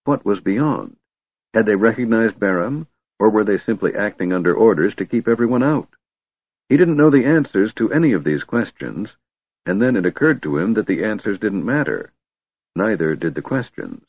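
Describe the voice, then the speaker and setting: Low husky male audiobook narrator. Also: animated, moderate pace, dry recording. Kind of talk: scripted fantasy narration. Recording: tinny narrow-band dry recording.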